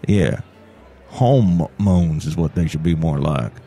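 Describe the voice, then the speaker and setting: A man doing a low gruff fiddler. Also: slow, mellow, soft background music, exaggerated voice. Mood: grumbling. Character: grumpy male fiddle player, folksy.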